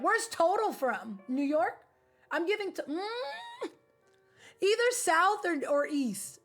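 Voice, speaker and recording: A woman streamer chatting casually with her live viewers, animated, slangy and opinionated. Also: high voice. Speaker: game streamer.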